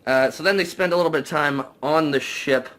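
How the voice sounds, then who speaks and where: A young man casually recapping a movie, swearing a lot, excitable and full of fillers. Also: on the high side, brisk. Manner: profane, excitable, many fillers. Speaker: movie reviewer.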